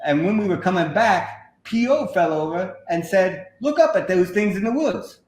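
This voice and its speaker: A young English schoolkid earnestly recounts what happened at the park, as a man puts the voice on. The accent is clumsy and the pitch sits higher than the speaker's own, in a roomy, echoing space. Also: expressive, moderate pace. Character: English schoolchild giving a witness statement.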